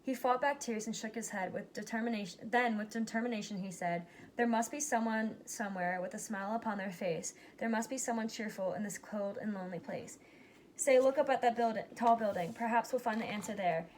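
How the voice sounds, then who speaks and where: A woman reading a rhyming picture book aloud, giving its characters lively but plain voices. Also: medium pitch, brisk, few pauses, a little hiss or hum. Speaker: reader.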